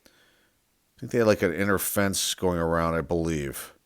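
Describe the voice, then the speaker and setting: A man's voice: sits low, unhurried, clear, resonant tone, no room sound, clean studio sound. A man hosting his own channel, reading out names one by one in casual commentary and musing aloud, sometimes unsure how to say them. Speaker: sports card collector and channel host.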